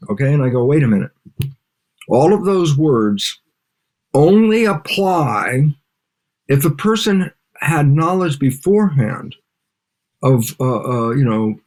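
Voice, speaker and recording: Older male lecturer, animated, plays out dialogues mid-answer. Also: on the high side, slow pace, pauses often. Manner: animated, acts out back-and-forth dialogues. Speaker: guest scientist and lecturer. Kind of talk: interview conversation.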